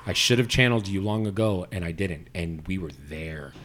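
A man with a somewhat low voice tells a story in casual chat. He rants with plenty of animation and acts out the people he argued with, his voice jumping up when he gets heated. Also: fairly quick. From Puerto Rico. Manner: animated ranting, acting out both sides.

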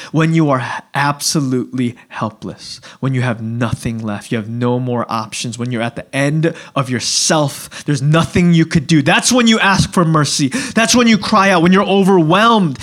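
A man preaching a sermon to a room of people, animated, moving from loud excited bursts to quiet low passages. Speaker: pastor. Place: church hall.

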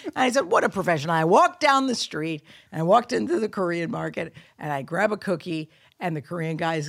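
A woman's voice: on the low side, normal speed, creaky. A middle-aged woman comedian hosting a podcast, telling stories in a casual, profane way and acting out quotes. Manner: animated, profane storytelling with acted-out quotes.

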